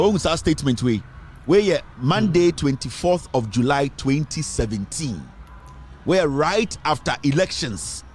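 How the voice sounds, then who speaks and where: A man's voice: fairly high pitch, a little hiss or hum. A man with a Ghanaian accent hosting an online news show, emphatic and repeating phrases as he comments on politics. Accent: Ghanaian English. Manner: switches between English and Twi, emphatic, repeats phrases.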